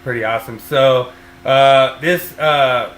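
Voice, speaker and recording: Bright-voiced man chatting in a roomy space. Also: medium pitch, slow pace, slight background noise. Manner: rambling, with frequent fillers and restarts. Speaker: podcast host and electrician. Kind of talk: casual podcast chat. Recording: roomy echo.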